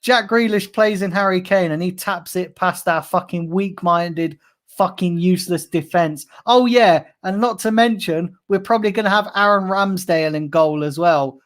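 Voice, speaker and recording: A man's voice: high voice, normal speed. A young man hosting a fan channel, ranting on a livestream, angry, sarcastic and swearing constantly. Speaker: football fan channel host. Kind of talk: live-streamed fan rant.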